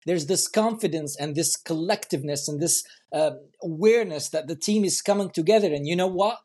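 A man's voice: a little high, a little fast, darkish tone. A man speaking as a football pundit on a podcast, enthusiastic and passionate. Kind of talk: podcast sports discussion.

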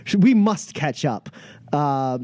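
A man's voice: fairly high pitch, expressive, slow pace, a little mellow, no echo. A man voicing a charming, scheming male smuggler who talks in a silky, falsely friendly way. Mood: falsely cheerful.

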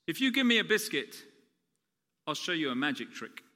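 A cheeky, boastful Irishman from a told joke, as a preacher puts him on. His tone is sharp and bright, and it rings out in the long reverb of a large hall. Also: on the high side, big pitch swings, moderate pace. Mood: sly.

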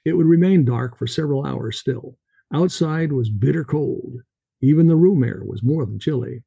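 A man's voice: medium pitch, moderate pace, gravelly, breathy edge, no echo, narrow, tinny audio. A man, an author, reading from his novel and then talking in an interview over a video call.

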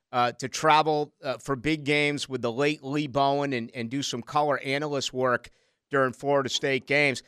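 A man's voice: on the high side, sharp tone, clean tone, dry recording, studio quality. A male sports radio host interviewing a guest in an upbeat, conversational way.

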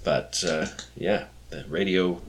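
Slow, laid-back man hosting a quiz. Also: sits low, slight background noise. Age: 40s. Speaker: quiz host. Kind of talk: casual podcast quiz chat.

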